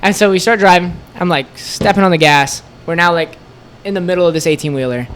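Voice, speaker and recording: A man sits as a podcast guest and tells a long, animated story. His voice sits a little high for a man, and he keeps slipping into the voices of the people in it, stringing everything together with "like.". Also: fairly quick, smooth. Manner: animated, acts out quoted voices, lots of "like". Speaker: podcast guest, store co-owner. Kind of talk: casual storytelling.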